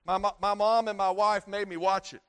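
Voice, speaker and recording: A middle-aged man delivers a sermon in a high voice. He stumbles and repeats words as he goes, building to loud emphatic peaks and letting phrases sink low at their ends. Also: level tone, clear, resonant tone. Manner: halting, repeats words often. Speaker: pastor.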